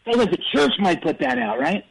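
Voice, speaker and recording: Man impersonating a husky rambling rock star. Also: sits high, big pitch swings, brisk, heavily acted, low-quality recording. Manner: earnest, rambling absurd boasts. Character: raspy rambling aging male rock star. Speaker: caller. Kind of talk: comedic impression on call-in radio.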